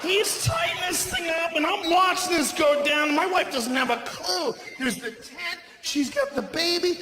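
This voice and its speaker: A middle-aged man performing a loud, profane stand-up comedy routine, often shouting, before a laughing audience in a venue. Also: very high-pitched, expressive, moderate pace, few pauses. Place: large indoor comedy venue. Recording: echoey live venue with audience noise.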